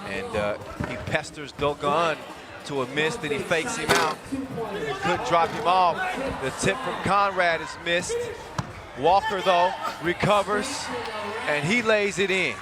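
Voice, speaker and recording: A man calling a live basketball game, with quick, jokey, excitable play-by-play. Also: on the high side. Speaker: play-by-play commentator. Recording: loud crowd behind.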